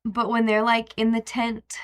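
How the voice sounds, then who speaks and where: A woman's voice: on the high side, monotone, measured pace, smooth. Chatty young woman on a live stream. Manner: chatty, rambling, emotional, many fillers. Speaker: streamer hosting a live recap. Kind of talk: casual live-stream chat.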